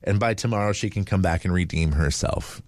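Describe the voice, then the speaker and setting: A man's voice: deep voice, a little fast, darkish tone, no echo, clean studio sound. A man hosting a casual morning radio show, rambling with fillers and restarts. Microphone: studio microphone.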